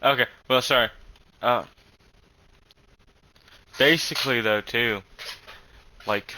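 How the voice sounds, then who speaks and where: Rambling young man, bright tense voice. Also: medium pitch, poor audio. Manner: halting, swears a lot, many fillers. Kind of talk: casual rambling storytelling.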